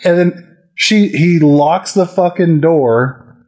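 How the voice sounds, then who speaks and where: Man, slightly higher voice, animated storyteller, swears a lot, casual chat. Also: takes it slowly. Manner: animated storyteller, swears freely, acts out movie scenes.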